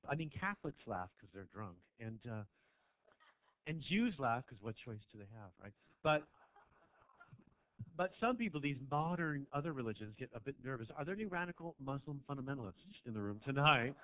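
A man doing a stand-up set in a small club, teasing the crowd, swinging between low mutters and loud shouts. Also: very animated, moderate pace. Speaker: stand-up comedian. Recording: dry, tinny phone-like sound.

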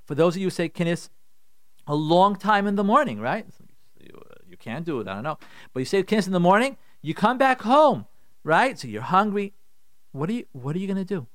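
A middle-aged rabbi hosting a radio show gives emphatic, repetitive advice and acts out the complaints he quotes, in animated advice talk. His voice is on the high side and fairly bright, recorded cleanly in a studio with no echo.

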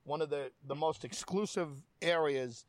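Man, host, slightly high voice, dry close sound, reading headlines aloud, thinking out loud. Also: moderate pace, no echo. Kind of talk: casual political chat.

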